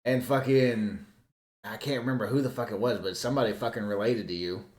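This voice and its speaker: A man's voice: fairly low pitch, a little fast, echoey room. A man with a Southern US accent, co-hosting a drunken podcast chat, telling stories and teasing with a lot of swearing. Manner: storytelling, heavy swearing, teasing. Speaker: podcast co-host.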